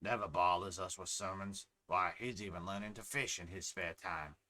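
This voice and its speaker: A man's voice: low-pitched, normal speed, pushed and bright. A man voicing a friendly middle-aged village fisherman, talking in a plain, homely way. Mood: warm.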